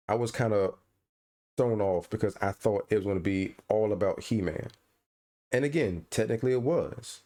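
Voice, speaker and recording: A man co-hosting a podcast in casual chat, ranting with incredulous energy. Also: lowish voice. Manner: animated, incredulous ranting with laughs. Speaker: podcast co-host.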